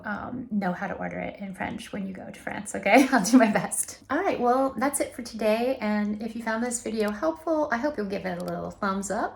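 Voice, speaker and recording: Woman vlogger chatting travel tips, middle pitch, gravelly bits in her voice. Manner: chatty, slows to spell out French phrases. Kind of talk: casual talk to camera.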